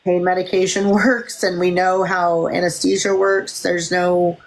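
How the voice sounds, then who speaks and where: A woman's voice: fairly low pitch, little pitch movement, measured pace, slight background noise, low-quality recording. A woman in a casual group discussion, speaking forthrightly and with indignation. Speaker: panel participant.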